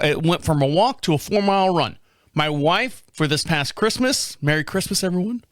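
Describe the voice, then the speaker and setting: A man's voice: sits high, fairly bright tone, dry recording, clean studio sound. A man in his fifties with an American accent, hosting a casual solo chat show, rambling with restarts and swearing. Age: 50s. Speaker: podcast host.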